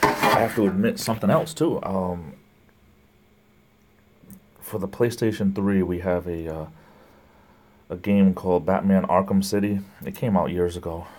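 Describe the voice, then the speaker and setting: Here the host's voice is low-pitched and steady, his pace measured with frequent pauses. Reading out viewer comments on his casual livestream, he greets people by name, rambles and keeps breaking into laughter.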